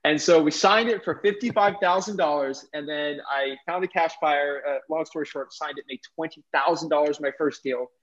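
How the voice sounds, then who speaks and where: Young guy retelling a story all animated, kinda high voice, muffled lo-fi sound. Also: normal speed, hardly any pauses. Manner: animated storyteller, many "like" fillers and restarts. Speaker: guest real estate wholesaler. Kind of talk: casual storytelling. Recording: dull lo-fi audio.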